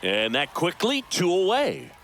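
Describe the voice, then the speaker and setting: A man voicing a male baseball play-by-play announcer for a video game, calling each pitch crisply and excitably. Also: a little slow, heavily acted. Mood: lively. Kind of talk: scripted video game commentary. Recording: game audio with background noise.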